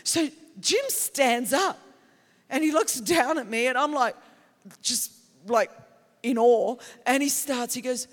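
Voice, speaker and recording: An Australian woman preaching a sermon, telling stories with passion and breaking into shouts. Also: high-pitched, slow pace. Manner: passionate, storytelling, bursts into shouts. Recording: long hall reverb in a big venue.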